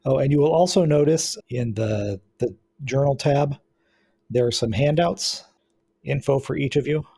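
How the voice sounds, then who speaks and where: A man running a tabletop role-playing game as game master, explaining in a relaxed way with frequent restarts. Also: mid-range voice, moderate pace, gravelly, husky.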